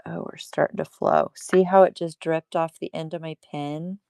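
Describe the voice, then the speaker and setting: A woman's voice: low voice, fairly even intonation, normal speed, vocal fry, darkish tone, clear, resonant tone, no echo. A woman hosting a casual livestream craft demo at her table, chatty and laughing at herself.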